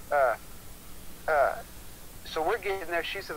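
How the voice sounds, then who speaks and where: A man's voice: on the high side, fairly bright tone, slight background noise, poor audio. A man telling a heated story on a casual livestream chat, swearing often and repeating himself. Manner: profane, heated, fast-talking.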